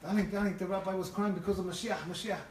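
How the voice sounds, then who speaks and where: A man putting on a flustered village farmer, words tumbling over each other, his voice pitched a bit high. It rings in an echoey room and sits well back from the mic. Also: little pitch movement, quick pace, darkish tone, recorded from a distance, slight background noise, lightly acted. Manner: flustered, repeating himself.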